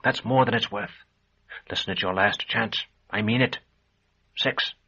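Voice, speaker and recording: A fretful, servile shopkeeper, as a male audiobook narrator puts him on, his voice pushed up high and anxious. He pleads and wheedles over the counter. The sound is slightly dull and lo-fi. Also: unhurried, creaky, husky, exaggerated voice. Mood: urgent. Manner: pleading and servile, higher and louder than the narration. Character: nervous, fussy middle-aged male shopkeeper.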